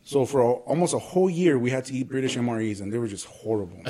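A man's voice: medium pitch, fast, warm tone. A man hosting a podcast with a mid-range voice. He talks loose and casual, swears freely and laughs often. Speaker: podcast host. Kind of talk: casual chat.

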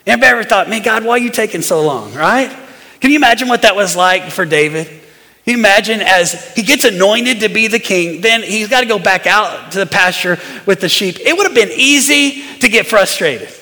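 A man preaching a sermon as pastor, firing rhetorical questions at the congregation and swinging between loud and hushed delivery. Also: sits high, lively intonation, moderate pace. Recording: long reverb of a large hall.

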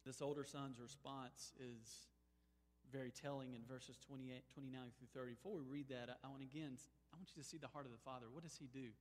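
Pastor preaching in a reverberant hall. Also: male voice, medium pitch, steady tone, brisk. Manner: emphatic, swings from soaring exclamations to hushed pleading. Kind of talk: sermon.

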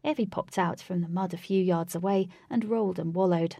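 A woman narrating a storybook in a steady, descriptive reading. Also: fairly low pitch, fairly quick, gravelly, no echo, studio quality.

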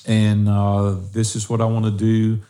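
Male podcast co-host, low and dark tone, earnest and exhorting. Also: monotone, measured pace. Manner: earnest, exhorting listeners directly. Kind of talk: encouraging podcast talk.

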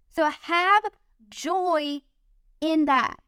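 High-pitched woman sharing a devotional, earnest and chatty, dry close sound. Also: animated, takes it slowly, a bit bright, dry recording. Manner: earnest, upbeat, chatty, addresses listeners as guys. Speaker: Christian devotional speaker. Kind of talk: encouraging devotional talk.

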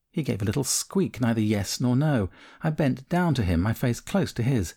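Guy reading his memoir out loud, calm and frank, bit breathy. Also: mid-range voice, moderate pace. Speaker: memoir narrator. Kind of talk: first-person audiobook narration.

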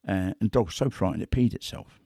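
Low and creaky, a man's voice rushes along as he plays a big cat investigator telling stories in a conversational manner. He's animated, dramatizing quotes and sounds, in a dry recording of studio quality.

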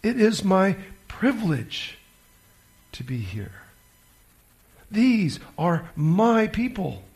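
A preacher voicing a gentle, joyful elderly nun in a retold story, speaking softly and simply. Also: male voice, sits high, very animated, very slow, gravelly, voice pushed up, heavily acted.

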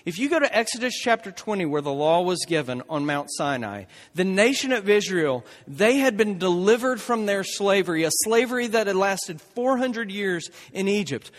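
A male preacher delivers a sermon with dramatic swings between hushed and emphatic lines. His voice sits a bit high and moves a lot in pitch. A long reverb hangs behind him, as in a big hall. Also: animated, moderate pace, hardly any pauses.

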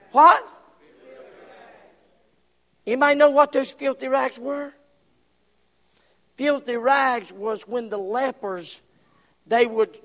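A man preaching a sermon, impassioned, swinging from shouts to hushed whispers. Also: very high voice, in a large hall.

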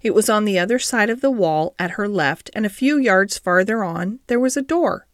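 A woman narrating a classic novel as an audiobook in an expressive, measured way. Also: medium pitch, no echo, clean studio sound. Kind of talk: storybook narration.

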